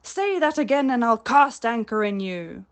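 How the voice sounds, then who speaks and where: A woman's voice: fairly high pitch, very animated, normal speed. Woman doing a cheeky boy mocking a pirate. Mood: taunting. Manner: mocking, loud and bold.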